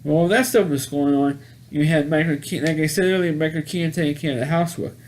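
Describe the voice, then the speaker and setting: Guy rambling thru a movie recap, lots of false starts, kinda higher pitched. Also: slight background noise. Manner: rambling, halting, many restarts and repeated words. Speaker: movie reviewer. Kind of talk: casual spoken movie recap.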